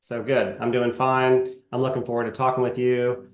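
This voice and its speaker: A man hosting a live webinar, demoing software in a casual, halting way with many fillers. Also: medium pitch, completely flat delivery, roomy sound, muffled recording. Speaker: webinar host.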